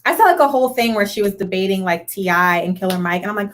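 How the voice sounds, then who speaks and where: A woman's voice: medium pitch, animated, quick pace. A young woman co-hosting a casual podcast with a mid-range voice. She talks earnestly and agreeably, laying out her views. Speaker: podcast co-host. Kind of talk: casual chat.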